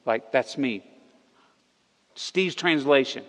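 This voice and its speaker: A man preaching a sermon as pastor, retelling a story with animated, emphatic delivery that rises on key words. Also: mid-range voice, slow, in a large hall, rough recording. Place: church hall.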